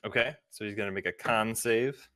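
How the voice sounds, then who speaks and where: A man with a bright, forward voice narrates a tabletop game as game master, painting each moment of the fight in lively detail. The sound is dry and close to the mic. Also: on the low side, fairly quick, dry recording. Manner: lively, vivid scene narration.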